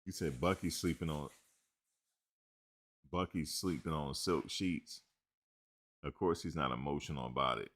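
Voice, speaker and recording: Very deep-voiced man hosting sports talk. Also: unhurried, long pauses. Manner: rambling, animated, joking, with slang. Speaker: sports show host. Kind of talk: casual sports talk commentary.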